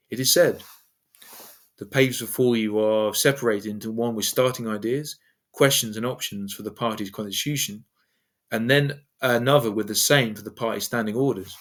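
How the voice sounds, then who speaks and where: A man's voice: medium pitch, a bit bright. A man, the channel's host, delivering a wordy, digressive political essay in formal phrasing.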